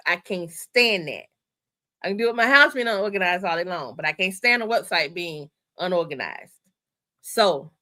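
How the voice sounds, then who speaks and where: A woman hosting a casual livestream, walking viewers through her online store in a chatty, excited way and repeating her instructions. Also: mid-range voice. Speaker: channel host.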